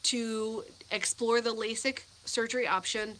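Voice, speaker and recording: A woman's voice: a little high, fairly even intonation, measured pace, a bit bright, slight background noise. A woman in her thirties from the United States, chatting in a rambling, teary way on a live stream Q&A. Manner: rambling and emotional, with many restarts and fillers. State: teary, on the edge of crying. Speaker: vlogger hosting a live Q&A. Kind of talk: casual live-stream chat.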